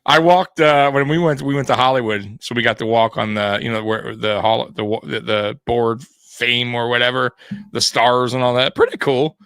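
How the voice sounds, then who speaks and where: A man's voice: mid-range voice, fairly even intonation, normal speed, a bit bright, smooth, no room sound. A man co-hosting a casual live sports stream, laughing often and teasing his co-host.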